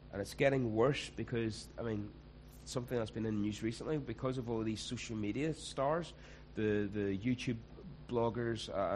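A man's voice: fairly low pitch, a little mellow, a little hiss or hum, poor audio. A man, preaching a conversational sermon and acting out quoted voices.

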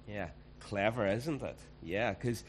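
A man's voice: fairly low pitch, slow, slight background noise, poor audio. Man preaching a sermon. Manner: conversational, acts out quoted voices.

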